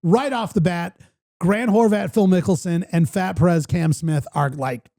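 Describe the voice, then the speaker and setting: A man hosting a casual talk show in a raised, lively register with a gravelly edge to his voice. He tells a story excitedly, piling up fillers, restarts and quick asides. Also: high voice. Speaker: podcast host. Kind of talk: casual chat.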